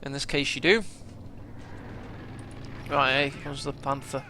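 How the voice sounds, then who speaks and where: A man casting a strategy game match, chatty play-by-play that bursts into excitement at big moments. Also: mid-range voice, slow, noisy background. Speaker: game caster.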